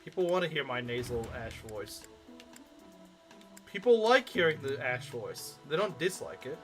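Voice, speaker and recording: A man's voice: medium pitch, big pitch swings, normal speed, faint music behind. A man streaming a game, chatting casually and arguing as he answers chat comments.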